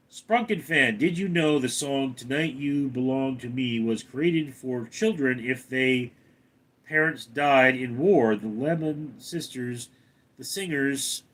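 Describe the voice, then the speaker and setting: Speaking at a medium pitch with a slightly bright tone, a Los Angeles man hosts a casual live stream. He reads viewer names and chat comments aloud and gives quick replies.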